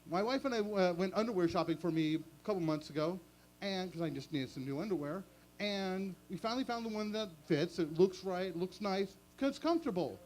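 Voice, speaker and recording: A man's voice: sits high, expressive, brisk, darkish tone, a little hiss or hum. A man doing stand-up comedy at a small open mic, chatty and self-mocking. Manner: chatty, self-mocking, chuckles at own jokes.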